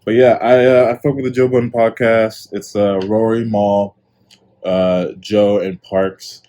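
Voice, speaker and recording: A young man hosts his own podcast, offering casual solo commentary in a fairly low, mellow voice with a level tone, going a little slowly. He's laid-back and rambles with many fillers.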